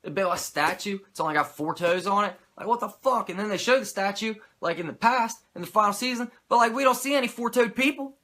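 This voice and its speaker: High-pitched and fast, with few pauses and a bright, forceful tone, a wrestling show reviewer runs through an old episode. He rambles casually, curses freely, wanders onto tangents, and mocks himself.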